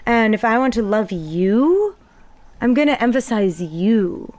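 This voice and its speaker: A woman with a fairly high voice shares spiritual experiences in a relaxed, reflective way, trailing off and starting again. Her voice is recorded close and dry, with little room sound. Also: measured pace, no room sound. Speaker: guest sharing spiritual experiences. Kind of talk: casual spiritual conversation.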